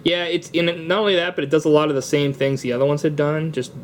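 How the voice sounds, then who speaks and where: A man's voice: on the high side, steady tone, quick pace, slight background noise. A young man co-hosting a podcast in casual chat, laid-back, swearing freely and laughing often. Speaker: podcast co-host.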